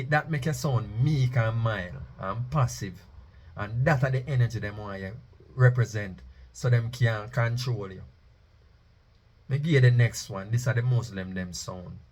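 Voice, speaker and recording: Husky-voiced man preaching. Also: mid-range voice, a little slow, a little mellow. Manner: emphatic, chanting phrases for effect. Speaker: Rastafari speaker. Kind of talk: preaching monologue.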